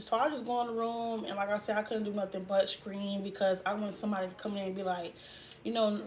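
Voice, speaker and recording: A young woman recounts a painful memory for her vlog. She speaks haltingly, trails off, and fights back tears, at an ordinary pitch, with faint background noise under her voice. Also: level tone. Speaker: vlogger. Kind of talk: emotional personal storytelling.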